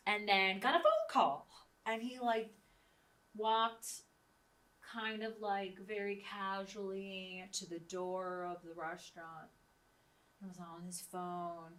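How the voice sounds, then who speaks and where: Recorded from a distance in an echoey room, slightly off-mic, a woman speaks in a pushed, bright, mid-range voice. She hosts her own show in self-interview style, casually telling anecdotes and laughing frequently as she talks.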